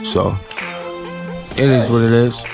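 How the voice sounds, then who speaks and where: A man's voice: mid-range voice, steady tone, takes it slowly, vocal fry. A man from Maryland hosting a podcast in a loose, rambling, slangy way. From Maryland, USA. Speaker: podcast host. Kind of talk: casual podcast chat. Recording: music playing under the voice.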